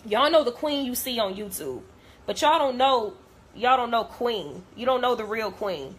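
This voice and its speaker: A woman's voice: a little high, expressive, moderate pace, slightly rough. A young adult woman vlogger in a blunt, profane, hurt and heartfelt rant to camera.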